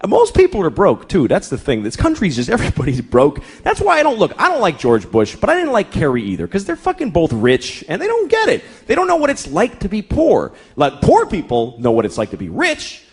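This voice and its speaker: A middle-aged man doing stand-up comedy, profane and exasperated, jumping into quick acted-out characters. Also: sits high, wildly swooping pitch, slightly rough. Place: comedy club stage. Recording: live club set with audience laughter and noise. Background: audience laughter and room noise.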